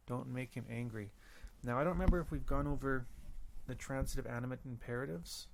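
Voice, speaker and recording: A man teaching a language lesson, slowly repeating words and pausing to think. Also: mid-range voice, vocal fry. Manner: slow, careful, repeats words with pauses. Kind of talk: recorded audio lesson.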